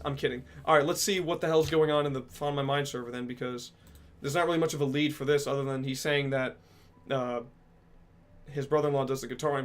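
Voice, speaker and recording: A young man with a slightly high voice streams casually, reading out chat messages and answering them, joking, swearing and bursting out loudly without warning.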